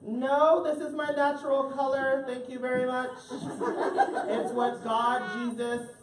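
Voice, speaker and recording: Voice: high-pitched, little pitch movement. A drag queen reading a storybook aloud to children at a live event, teasing and joking with the audience and drawing out the rhymes. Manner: playful, teasing, jokey; reads rhyming lines slowly and sing-song. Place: indoor event space with families. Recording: echoey room from far off, loud crowd.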